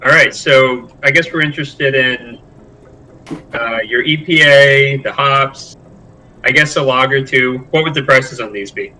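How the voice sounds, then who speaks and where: Casting: a very bright-voiced male player, heard from a distance with faint noise. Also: mid-range voice, unhurried. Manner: plain, questioning. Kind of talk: casual tabletop game chat.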